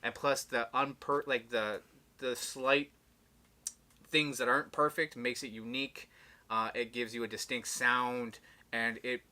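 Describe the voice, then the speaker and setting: A man with a bright, forward voice talks loosely and candidly as a podcast guest. His pitch sits in a middle range, and his speech is casual, with swearing and easy laughter. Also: little pitch movement, measured pace. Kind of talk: casual conversation.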